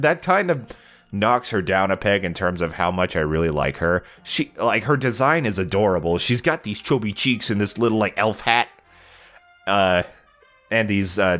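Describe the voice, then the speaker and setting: An American man gushing over a video game in a casual monologue as a let's play host, animated and sometimes swearing. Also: low-pitched. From United States.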